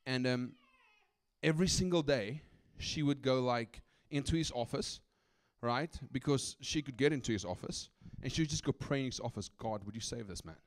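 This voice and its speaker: A middle-aged man from Africa, preaching a sermon as a guest speaker, telling personal stories in an animated, conversational way and often asking "right?". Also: mid-range voice, moderate pace. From South Africa.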